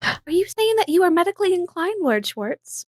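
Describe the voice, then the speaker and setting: A coy young debutante speaks in prim, sweetly theatrical tones, her voice lifted well above its usual pitch and swinging freely, as a woman puts her on. The sound is dry and close. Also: very animated, moderate pace, no room sound. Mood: teasing. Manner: prim, sweetly theatrical high-society speech.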